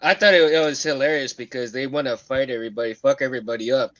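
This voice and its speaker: A man's voice: mid-range voice, fast talker, fairly bright tone. A man in a casual chat, chiming in with short agreeing remarks. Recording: dull lo-fi sound.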